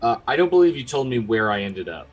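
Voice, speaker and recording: A man playing in a tabletop game, chatty and quick to laugh. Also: mid-range voice, sing-song, loud music behind the voice. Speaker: player.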